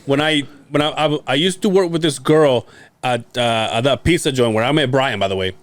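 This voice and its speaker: A man's voice: mid-range voice, brisk, no echo. A young man from Mexico on a podcast, telling stories in casual chat, laughing often and acting out the voices of the people he quotes. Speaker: podcast co-host.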